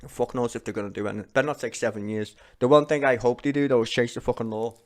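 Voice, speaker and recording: A man's voice: mid-range voice, fairly even intonation, fast. A man with a Liverpool accent, a streamer ranting angrily and swearing bluntly as he reacts to parliament. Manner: sweary, blunt, angry rant. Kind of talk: ranting commentary.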